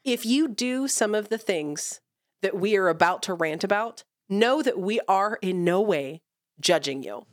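Brisk, emphatic woman co-hosting a podcast. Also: mid-range voice, lively intonation, dry recording, clean studio sound. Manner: quick, emphatic bursts when explaining. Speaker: podcast co-host. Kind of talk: casual chat.

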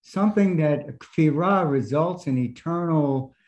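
A man's voice: fairly high pitch, measured pace, darkish tone. A male student in a religious study class, thinking aloud as he raises a question and proposes his own answer. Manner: thoughtful, reasoning aloud.

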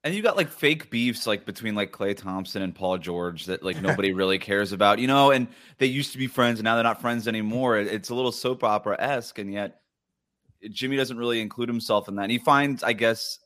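A man with a low voice hosting a sports podcast. He talks in a chatty, casual way, with plenty of fillers and restarts, and now and then reads quotes aloud. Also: a little fast, a bit bright. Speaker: podcast host.

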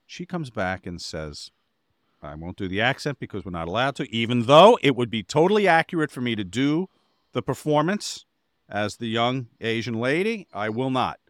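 A man's voice: mid-range voice, sing-song, normal speed, dry recording, clean studio sound. A man co-hosting a podcast, telling a rambling anecdote in casual chat and getting exasperated as he goes. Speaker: podcast co-host.

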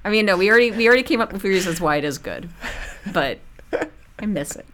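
A woman's voice: medium pitch, expressive, quick pace, a bit bright, a little hiss or hum. A woman co-hosting a podcast in casual chat, playful and teasing, laughing often. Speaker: podcast co-host.

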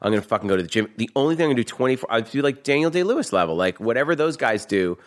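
A man with a Boston accent telling a story in a fast, profane, animated way as a guest in a casual chat. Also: mid-range voice.

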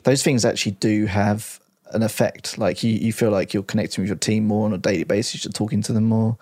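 A man's voice: fairly low pitch, steady tone, a little fast, a little mellow, dry recording, studio quality. A man on a tech podcast panel, musing thoughtfully in a loose way and repeating words as he thinks. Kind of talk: casual panel discussion.

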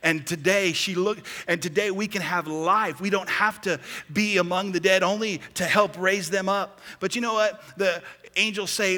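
A man preaching an Easter sermon as pastor, moving between hushed, drawn-out lines and loud, fast bursts. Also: high-pitched. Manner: animated, swings between hushed and loud emphasis. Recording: long hall reverb.

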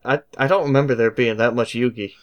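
Male podcast guest, halting nostalgic talker. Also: medium pitch, fairly even intonation. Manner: reminiscing, hesitant. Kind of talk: casual chat.

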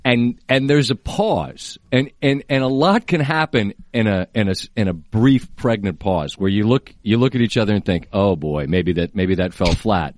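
A man's voice: medium pitch, lively intonation, normal speed, hardly any pauses. A man co-hosting a radio show, reflecting at length in a casual chat.

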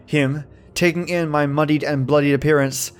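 A man narrating a first-person horror story from a script, measured and tense. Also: a little high, fairly even intonation, faint music behind.

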